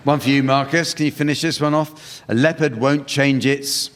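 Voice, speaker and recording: A man hosting a comedy panel game on stage before a live audience, dry and deadpan. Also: mid-range voice, normal speed. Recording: reverberant hall, loud noise.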